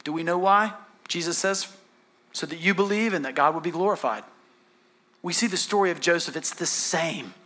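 A man preaching a sermon as a pastor, earnest and animated, repeating words for emphasis. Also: fairly high pitch, normal speed.

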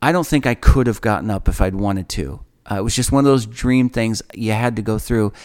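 A man telling a personal story in an earnest, halting way, often repeating his phrases. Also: lowish voice, a little mellow. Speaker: storyteller recounting a dream. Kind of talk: emotional first-person storytelling.

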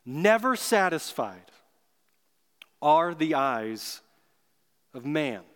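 A man preaching a sermon as pastor, earnest and emphatic, slowing down to stress key words. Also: fairly high pitch, very animated, a bit bright. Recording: long hall reverb.

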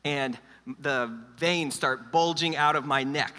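Middle-aged male pastor, higher, crisp voice, preaching in a reverberant church hall. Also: slow. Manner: energetic, joking, then quiet and personal. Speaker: lead pastor. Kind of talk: sermon.

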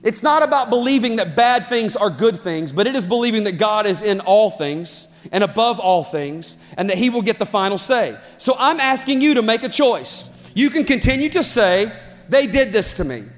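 A man preaching a sermon as pastor, impassioned and building to shouts. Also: high voice, animated, normal speed. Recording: long hall reverb with faint music.

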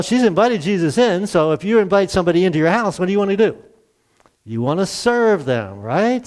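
A man's voice: a little high, a little mellow. A man preaching a casual, conversational sermon, asking the congregation questions and chuckling as he goes. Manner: conversational, asks the audience questions, chuckles often. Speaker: pastor.

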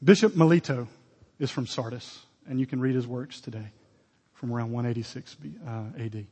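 A man's voice: medium pitch, brisk, darkish tone, husky, in a large hall. A man preaching a sermon as pastor, earnest and direct, with sudden emphatic exclamations.

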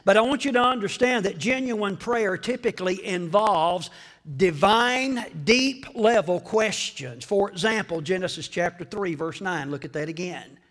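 A man preaching a sermon to a church congregation, swinging between hushed whispers and loud, dramatic shouting. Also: sits high, a little slow. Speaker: pastor.

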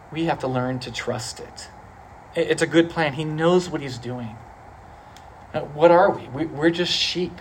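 A preacher delivering a sermon in an animated, conversational way, repeating phrases for emphasis. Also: mid-range voice, slight background noise.

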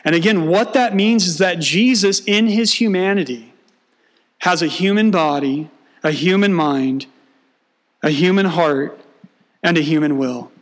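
A man's voice: high voice, a little slow. A male pastor preaching a sermon, mixing teaching with humorous storytelling and acted-out dialogue.

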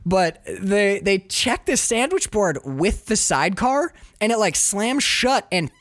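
Man, podcast co-host, casual movie chat, very lively pitch, profane, laughing, dry close mic. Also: slow, no room sound. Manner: animated, profane, laughs often, quotes scenes in voices.

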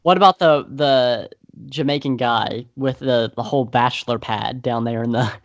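A man's voice: mid-range voice, moderate pace, dry recording. A man co-hosting a podcast, talking in a rambling, hesitant way with many fillers in a casual movie review chat. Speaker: podcast co-host.

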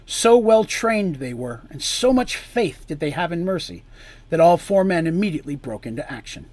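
Higher-voiced man reading a dark fantasy tale. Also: moderate pace, no echo. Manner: expressive reading that drops low and quiet on grim lines and rises loud on tense ones. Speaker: storyteller. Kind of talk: dramatic fantasy story reading.

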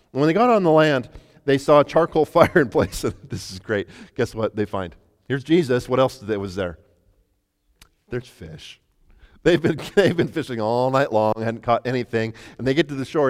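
A man preaching a sermon, retelling a scripture story in an animated way with many stammered restarts. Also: mid-range voice, long reverb tail.

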